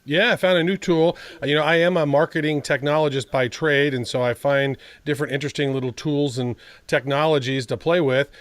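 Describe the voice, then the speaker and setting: A man's voice: fairly high pitch, fairly even intonation, fairly quick, hardly any pauses. A man co-hosting a podcast, playful and chatty in casual talk. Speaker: podcast co-host.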